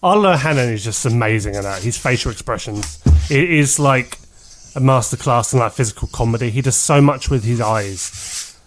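Brief: man, mid-pitched, casual podcast co-host, eager and laugh-prone. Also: faint music behind. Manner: enthusiastic, laughs often, breaks into quick impressions.

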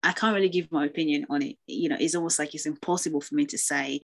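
A woman from Congo talks about books in a relaxed conversation. Her voice sits slightly low, and she sounds thoughtful and earnest, often circling back and restarting her phrases as she works out what she means. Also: quick pace, gravelly. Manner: reflective, earnest, with many restarts. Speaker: guest.

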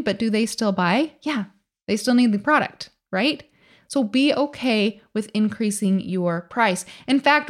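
Middle-aged woman, motivational podcast host; emphatic, upbeat coaching delivery, slightly high voice.

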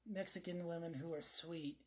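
A man's voice: on the high side, steady tone, moderate pace. A man co-hosting a podcast in casual chat, telling rambling stories that trail off. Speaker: podcast co-host.

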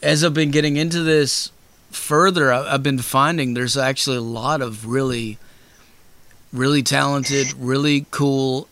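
A man's mid-range, fairly bright voice comes through with no echo as he hosts a laid-back interview. He rambles, cusses openly, and leans on lots of filler words.

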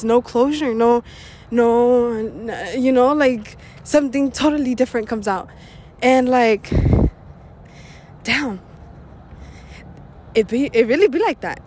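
A woman's voice: sits high, a little mellow, slight background noise. Young woman rambling candidly, a bit breathless. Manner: rambling, candid, swears freely. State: out of breath after a run. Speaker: podcast host. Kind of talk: casual personal monologue.

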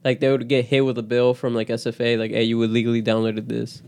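Male co-host, easygoing storyteller who laughs a lot and does quick voices. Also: medium pitch, creaky. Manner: animated storyteller, slips into impressions, laughs often. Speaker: podcast co-host. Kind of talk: casual chat.

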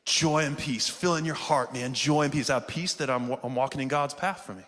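A man's voice: medium pitch, fairly quick, fairly bright tone. A man preaching a sermon with fervor, calling out to his congregation and often saying "man". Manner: fervent, calls out to the congregation, often says "man". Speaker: pastor. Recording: reverberant hall sound.

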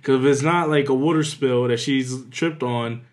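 A man in casual chat, telling animated stories, acting out what people said and laughing often. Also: medium pitch, moderate pace.

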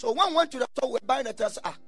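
A man preaching a sermon, telling stories and breaking into shouted bursts. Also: very high-pitched, expressive, racing, dry recording, soft background music. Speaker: pastor.

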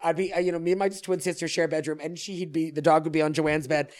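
A woman guest in casual chat, telling lively stories, laughing often and acting out voices from her memories. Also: low-pitched, quick pace. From small town in an Italian American family. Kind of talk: casual chat, animated storytelling.

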